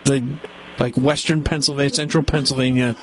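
A man's voice: medium pitch, level tone, a little fast, poor audio. A man chatting as a studio guest on a radio show, speaking eagerly and a little faint on his mic. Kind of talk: casual radio chat. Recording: faint off-mic, crowd noise.

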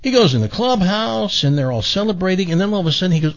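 A man's voice: high voice, quick pace. A man hosting a radio show, telling a long joke and acting out the voices of its characters. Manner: animated storyteller, acts out voices. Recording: dull lo-fi radio broadcast.

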